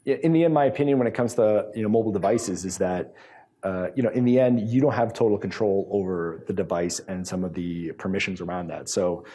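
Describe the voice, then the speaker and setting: A man's voice: on the low side, a little fast, mellow, slightly rough. A man from New England giving a casual conference talk and taking questions, with many fillers and restarts. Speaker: conference speaker. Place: conference room.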